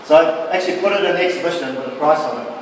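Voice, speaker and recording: An exhibiting artist gives a casual, rambling floor talk about his artworks inside a gallery, leaning heavily on "sort of" and "like". His fairly high voice comes rapid-fire, picked up from afar in the echoey room with a little hiss or hum.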